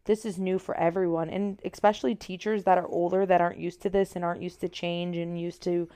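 A woman's voice: fairly low pitch, flat delivery, brisk, mellow, smooth. A woman chatting casually on a podcast, adding agreeing fillers and sometimes searching for the right word. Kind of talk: casual chat.

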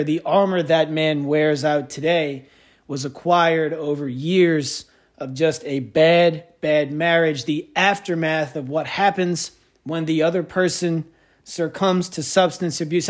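A man's voice: steady tone, unhurried. A man hosting a podcast, telling stories in a rambling, wry, self-mocking way. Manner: rambling, wry, self-mocking storyteller with big pitch swings. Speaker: podcast host. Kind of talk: casual monologue.

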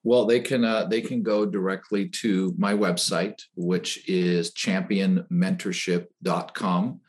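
Very deep-voiced motivational man. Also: steady tone, slow pace. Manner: earnest, preaching, repetitive phrasing. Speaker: life coach guest. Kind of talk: motivational talk.

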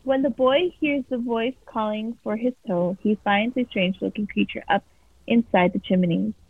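A woman's voice: a little high, steady tone, moderate pace, no echo. A woman casually reading a scary story aloud as a podcast co-host. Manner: casual, swears freely. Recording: tinny phone-like sound.

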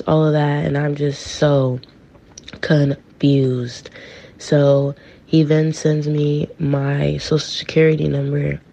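A woman's voice: sits low, vocal fry, warm tone. A woman casually telling a personal story, acting out the texts she quotes, on a dull lo-fi recording. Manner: chatty, acts out quoted texts.

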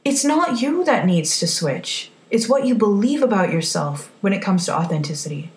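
A woman's voice: mid-range voice, big pitch swings, moderate pace, roomy sound. A woman giving a frank, emphatic motivational talk, swearing casually as she speaks. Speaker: self-help speaker.

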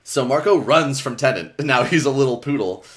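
A man's voice: mid-range voice, expressive, normal speed, a bit bright. A man hosting a podcast, casually retelling a book's plot in loose, rambling talk full of fillers and swearing. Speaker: podcast host recapping a book. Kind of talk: casual chat.

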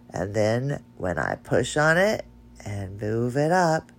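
A woman's voice: a bass voice, sing-song, slow pace. A woman hosting her own podcast, talking casually with a nasal voice and a chatty, rambling, self-laughing manner. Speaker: podcast host. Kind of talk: casual solo podcast talk.

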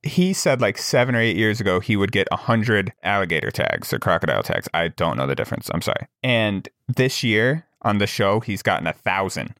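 A man with a low voice talks casually on a podcast. He tells a long, rambling story with plenty of fillers and restarts, recorded dry and close to the mic. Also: lively intonation, brisk, few pauses, fairly bright tone, no room sound. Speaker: podcast co-host. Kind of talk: casual chat.

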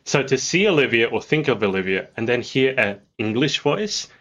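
A man's voice: mid-range voice, big pitch swings, moderate pace, a bit bright, muffled recording, a little hiss or hum. A man co-hosting a podcast, chatting casually and jokily, rambling with restarts. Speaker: podcast co-host. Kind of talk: casual chat.

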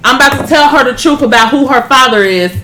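A woman's voice: sits high, fast, sharp tone, a little hiss or hum. A woman co-hosting a casual group talk, speaking bluntly and cutting in on others. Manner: blunt, talks over others. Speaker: podcast co-host.

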